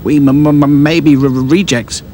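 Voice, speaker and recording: A man's voice: a little high, steady tone, moderate pace, warm tone, slight background noise, pitched above the performer's own voice, lightly acted. A man voicing a timid male rag doll with a heavy stammer.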